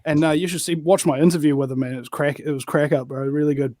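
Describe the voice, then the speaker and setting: New Zealand man, high voice, ranting. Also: fairly even intonation, fast talker, darkish tone, no room sound, clean studio sound. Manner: ranting, storytelling, peppered with "bro". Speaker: guest. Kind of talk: casual political chat.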